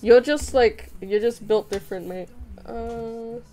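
A young Australian woman livestreams from home, chatting and giggling with her chat while she draws. Her voice sits on the high side with fairly even intonation, a dark tone and a slightly slow pace. She talks into a desk mic, with faint music playing in the background.

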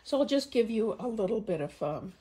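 A woman hosting a craft vlog in a croaky, hoarse voice, talking in a halting, casual way and often stopping to clear her throat. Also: a little high, big pitch swings, mellow. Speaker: craft channel host. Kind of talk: casual show-and-tell vlog. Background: faint traffic noise.

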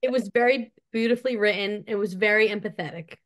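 A woman who works as a coach joins a relaxed podcast conversation. She is encouraging and plain-spoken, with casual swearing. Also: medium pitch, fast talker. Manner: supportive, blunt, swears casually. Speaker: coach with clients.

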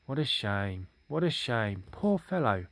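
A man's voice: on the low side, sing-song, a bit bright, no room sound, full character voice. A man reading as a pompous old Chief Rabbit. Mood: condescending. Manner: smooth, patronizing, drawn-out. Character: pompous older male Chief Rabbit, condescending.

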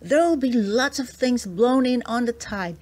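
A woman's voice: a little high, lively intonation, a little slow, a little mellow, voice pushed up. A woman reading aloud, voicing an eager young boy in a children's storybook. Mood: excited. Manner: eager, pleading, breathless.

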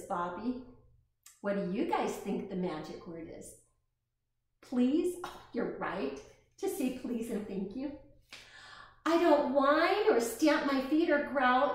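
Woman, children's storyteller, gentle reading, slow, high sing-song voice, echoey room. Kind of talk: reading a picture book to preschoolers.

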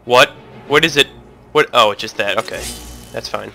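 Bright-voiced young man yelling at a video game. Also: mid-range voice, normal speed, vocal fry, soft background music. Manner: jokey, talks to the game, bursts into yelling. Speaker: let's play host. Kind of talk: gameplay commentary.

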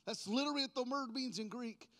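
High-voiced man preaching with big swings. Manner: swings from low talk to loud drawn-out proclaiming; playful, jokes with the congregation. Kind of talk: sermon.

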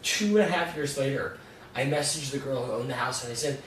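This young guest songwriter has a medium-pitched, slightly bright voice and a brisk pace. He laughs and swears through a rambling, profane gig anecdote in a casual chat, captured by a distant mic in a roomy space with faint noise.

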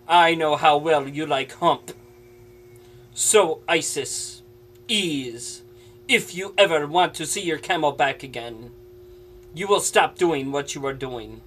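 A man delivers a deadpan comic monologue in a slightly high, bright voice. He speaks very slowly, pausing deliberately for effect. Soft instrumental music plays faintly behind him. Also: a little hiss or hum. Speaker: comedian.

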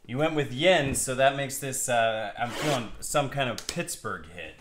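A man helping open packs on a live card break, with relaxed joking banter. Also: mid-range voice, unhurried. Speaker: co-host opening packs. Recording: echoey room with faint noise.

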